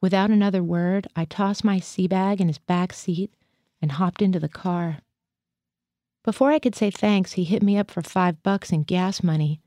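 A woman reading a first-person literary short story aloud in a steady, measured way. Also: fairly low pitch, no room sound, studio quality. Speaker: reader.

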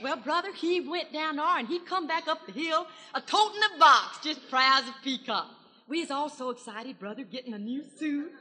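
A woman playing a chatty, excitable young country gossip gal with a rural Southern US accent, rambling through a folksy 1940s radio comedy monologue in a hollering twang with giggles. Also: high-pitched, heavily acted. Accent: Southern US, rural Tennessee. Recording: 1940s radio broadcast, long hall reverb.

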